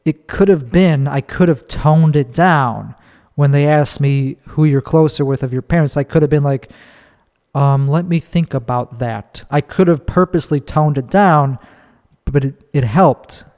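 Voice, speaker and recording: A slightly high-pitched man in his thirties from Chicago talks on his own podcast with a loose, rambling candor, swearing freely and restarting sentences as he goes. His voice carries a long, reverberant hall echo. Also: measured pace, a little mellow. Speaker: podcast host and stand-up comedian. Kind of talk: casual solo storytelling.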